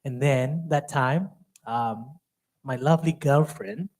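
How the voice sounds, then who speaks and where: A man's voice: medium pitch, slow, a little mellow. A man from Myanmar with a Burmese accent, a pastor giving a Bible study talk in a chatty storytelling way, acting out dialogue in second-language English.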